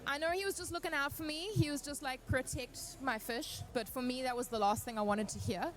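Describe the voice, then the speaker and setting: A woman speaking on a cosplay panel, giving earnest, encouraging advice and telling stories in an animated way. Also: high voice, quick pace.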